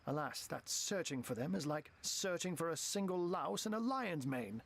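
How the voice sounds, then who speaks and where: An actor playing a witty, genteel game wizard who turns into a talking cat, speaking in flowery phrases full of cat puns. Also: male voice, on the high side, expressive, moderate pace, gravelly. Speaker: game character.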